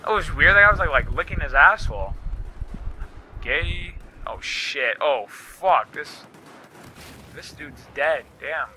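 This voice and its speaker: A young man commentates a live shooter match, his voice very bright and set a little high for a man. He swears freely and snaps into frustrated outbursts, with faint game noise underneath. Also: expressive, slow pace, long pauses. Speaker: gaming YouTuber.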